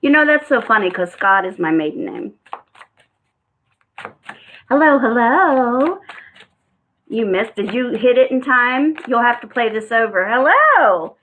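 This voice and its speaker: A woman's voice: fairly high pitch, moderate pace, few pauses, a bit bright, a little hiss or hum. A woman reading tarot cards in a casual live-stream chat, talking in a rambling way with frequent fillers. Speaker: tarot card reader. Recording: tinny phone-like sound.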